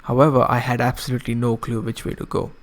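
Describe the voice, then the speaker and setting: Gravelly-voiced man reading a game aloud. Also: medium pitch, level tone, fast talker. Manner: casual asides, self-correcting. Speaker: streamer. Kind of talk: reading a visual novel aloud with commentary.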